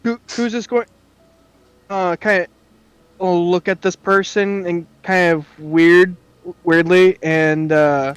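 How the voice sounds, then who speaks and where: A man playing a tabletop game, describing his character's moves in a hesitant, halting way with many fillers. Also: high-pitched, fairly even intonation, clear, resonant tone, no echo. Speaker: player.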